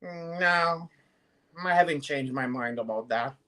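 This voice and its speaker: A man with a Brazilian Portuguese accent, a podcast co-host trading goofy jokes and loud impressions in casual banter. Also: on the high side, slow. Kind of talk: joking banter.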